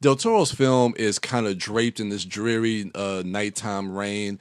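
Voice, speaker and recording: On a podcast he co-hosts, a man chats casually and eagerly, full of fillers and restarts. His clear, resonant voice is on the low side at a measured pace, recorded in studio quality without room sound.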